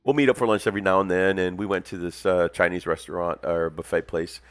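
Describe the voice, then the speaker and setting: A man's voice: deep voice, fast, dry recording. A man hosting a casual hobby livestream, telling stories in a loose, slangy way, often laughing and acting out the people he quotes. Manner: animated storyteller, acts out quoted voices. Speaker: hobby stream host.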